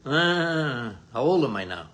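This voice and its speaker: A man's voice: mid-range voice, sing-song, slow pace, fairly bright tone. An older man, a doctor hosting a podcast, giving a casual health talk in an emphatic, repetitive, folksy way.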